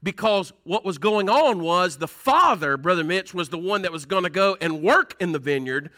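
High, bright Southern preacher man. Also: lively intonation, normal speed. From Southern United States. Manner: folksy, call-and-response preaching with laughs and "Amen?". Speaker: pastor. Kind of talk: sermon.

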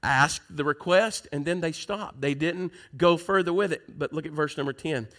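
A man's voice: fairly high pitch, moderate pace, fairly bright tone. A man preaching a sermon in church, reading scripture aloud and asking the congregation questions.

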